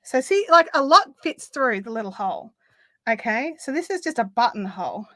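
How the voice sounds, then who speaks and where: A woman's voice: fairly high pitch, big pitch swings, normal speed, bright, forceful tone, no echo. An Australian woman hosting a casual live craft chat, chatty and easily amused, a little out of breath. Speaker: craft livestream host.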